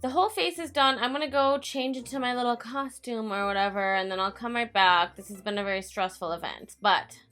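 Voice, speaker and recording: A woman's voice: fairly high pitch, brisk, hardly any pauses, a bit bright, faint music behind. A woman giving a casual makeup tutorial voice-over, chatty and self-mocking, swearing freely and talking to herself. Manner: talks to herself as an onlooker. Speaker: makeup vlogger.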